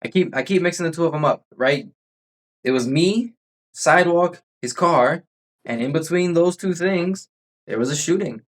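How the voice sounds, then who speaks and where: A man's voice: fairly high pitch, normal speed. A man chatting casually on a podcast, telling rambling stories with frequent restarts. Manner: rambling storyteller, restarts often. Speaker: podcast host. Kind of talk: casual chat.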